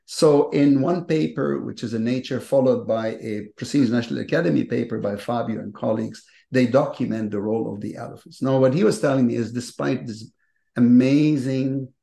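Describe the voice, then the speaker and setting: A man speaking as the guest economist in a webinar interview, explaining at length in an animated way and posing rhetorical questions over a video call. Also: medium pitch, normal speed, creaky. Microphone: video call microphone. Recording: echoey room on a video call.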